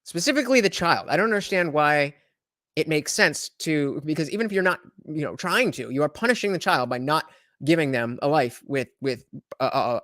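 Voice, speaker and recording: A man's voice: on the high side, a bit bright, no echo, studio quality. Chatty man reacting to a clip. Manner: rambling, many restarts and fillers. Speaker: reaction show host. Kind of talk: casual commentary reacting to a clip.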